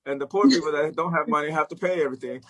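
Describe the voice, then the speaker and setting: A man's voice: fairly high pitch, very fast, a bit bright. A middle-aged man, an interview guest and music teacher, telling a story casually, acting out the voices of the people in it and swearing freely.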